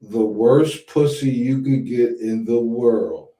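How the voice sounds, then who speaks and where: Man, podcast host, blunt and profane, slow delivery, mellow tone, echoey room. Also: medium pitch. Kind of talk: casual commentary.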